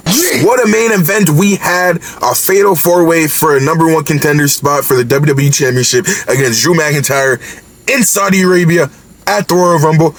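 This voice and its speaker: A man from Canada talks through a wrestling show in a casual, excited recap. His voice sits high and leaps all over the place, with a husky, slightly rough edge. He repeats words and breaks into sudden shouts. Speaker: wrestling commentary vlogger.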